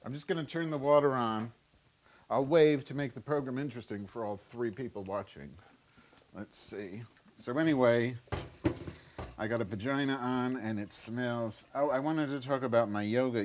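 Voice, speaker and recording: A man's voice: medium pitch, moderate pace, a little hiss or hum. A man hosting a live webcam show from home on a wireless mic, rambling profanely with abrupt outbursts as he moves around his kitchen. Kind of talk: rambling live-stream monologue.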